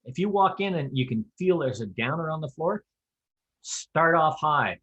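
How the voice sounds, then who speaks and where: A man whose voice is a little high and sharp in tone teaches callers how to call square dances, speaking expressively at normal speed. The lesson is practical and chatty, full of folksy asides and offhand jokes. The recording is rough.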